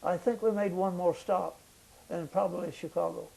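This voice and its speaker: An older man, a veteran, recounting his memories in an oral history interview, pausing often with fillers as he searches for details. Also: sits high, level tone, creaky, darkish tone, low-quality recording. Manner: halting recollection with many fillers.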